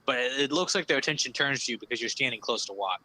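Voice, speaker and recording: A man leads a tabletop game as game master, with a very bright, forceful voice. He narrates casually, stopping often on fillers as he describes the scene. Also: mid-range voice, expressive, fast talker, poor audio.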